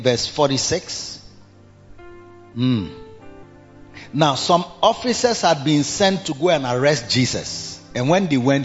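A man preaching in a church with a slightly high voice that swings widely. He draws out his scripture readings slowly and climbs higher each time he repeats a phrase. The sound is muffled and carries a long hall reverb, with faint music underneath. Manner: reads scripture in slow, drawn-out King James cadence; rises in pitch when repeating phrases for emphasis. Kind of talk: sermon.

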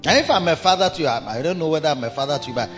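A man's voice: a little high, animated, very fast, fairly bright tone, big-room sound, muffled recording, soft background music. A man preaching a sermon as a pastor, dramatic and acting out the voices of others. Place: large church hall.

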